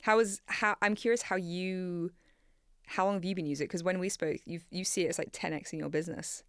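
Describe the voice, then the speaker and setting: Low, gravelly woman chatting freely. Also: fairly quick, dry recording, clean studio sound. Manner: rambling, self-correcting, animated. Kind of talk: casual conversation. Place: small studio. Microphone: studio microphone.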